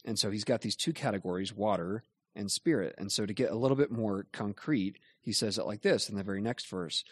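Earnest pastor, lower voice, dry sound. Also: male voice, slightly rough, dry recording. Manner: measured, earnest explaining. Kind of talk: Bible teaching in a question-and-answer show.

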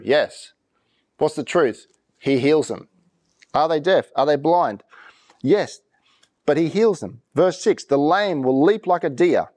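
A pastor preaching a conversational sermon, reading scripture slowly and with emphasis. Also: male voice, a little high, a little mellow.

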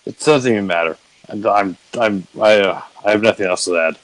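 A man's voice: fairly low pitch, fairly quick, no room sound, rough recording. A man hosting a casual podcast recap, swearing often and mocking himself as he rambles with restarts. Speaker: podcast host.

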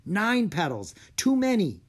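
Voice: medium pitch, wildly swooping pitch, a little slow, slightly rough, voice pushed up, exaggerated voice. A storybook narrator voicing a brave, earnest young boy on a quest.

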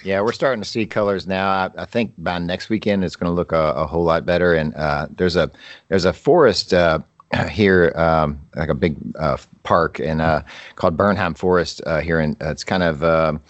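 A man with a gravelly, very low voice talks casually on a podcast. He rambles and restarts his sentences often. The sound is dry and close, with no room around it. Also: fairly even intonation, normal speed, no room sound, dull audio. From Kentucky, USA. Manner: rambling, with frequent restarts and chuckles. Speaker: podcast co-host. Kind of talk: casual chat.

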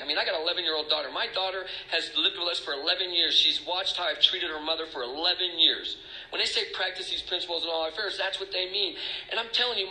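A man's voice: sits high, bright, forceful tone, roomy sound, poor audio. A middle-aged man speaking as a recovery speaker, emotional and confessional, rambling with restarts. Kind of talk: personal testimony talk.

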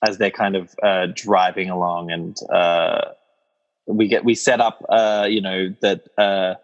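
A man with a low voice talks through a film scene by scene, filling his speech with "you know". His voice carries a long reverb, as if from a large room. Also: flat delivery, a little slow, muffled recording. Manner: thoughtful, many "you know" fillers. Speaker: film podcast co-host. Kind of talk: casual film discussion.

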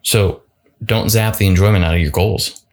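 A man's voice: low-pitched, steady tone, normal speed. A man hosting a solo motivational podcast, talking casually and often restarting and repeating words. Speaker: podcast host.

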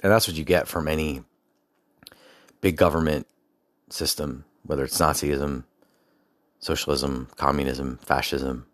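A man's voice: a bass voice, steady tone, a little slow, pauses often, fairly bright tone, no room sound, studio quality. A man in his forties telling a rambling personal story, with many fillers and digressions. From United States. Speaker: speaker recounting a personal story. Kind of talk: casual storytelling monologue.

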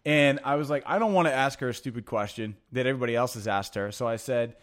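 A man in his own relaxed talking voice, spinning loose, meandering stories. He swears freely and leans hard on fillers like "like" and "you know," restarting as he goes. It sounds like easy, offhand banter between friends. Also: medium pitch, quick pace. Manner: rambling, profane, filler-heavy anecdotes. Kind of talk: casual storytelling chat.

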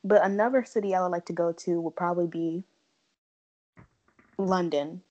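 A woman's voice: lowish voice, steady tone, normal speed, darkish tone. Blunt young American woman, lo-fi sound. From United States. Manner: blunt, opinionated, laid-back. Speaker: podcast co-host. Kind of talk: casual podcast chat.

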